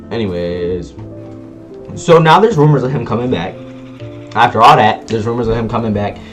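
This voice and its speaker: A man telling a personal story in a casual vlog, animated and slangy, acting out sounds as he goes. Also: mid-range voice, moderate pace, soft background music. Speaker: vlogger.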